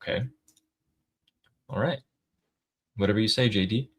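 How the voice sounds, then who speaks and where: Guy with a lower voice, laid back, reading headlines and reacting on a livestream. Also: normal speed, breathy edge. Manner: relaxed, reads out news updates and reacts. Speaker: political commentary co-host. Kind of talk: casual livestream news chat.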